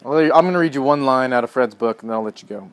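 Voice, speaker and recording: Man, pastor, conversational sermon, earnest, swings between emphatic and hushed, mid-pitched voice. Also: fast, clean tone. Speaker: pastor or Bible teacher. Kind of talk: conversational teaching talk.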